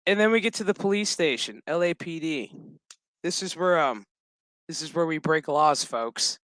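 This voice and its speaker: A man's voice: a little high, moderate pace, dry recording. A man casually recapping a TV episode, swearing freely and joking as he goes. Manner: profane, joking, animated storytelling. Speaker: show recap host.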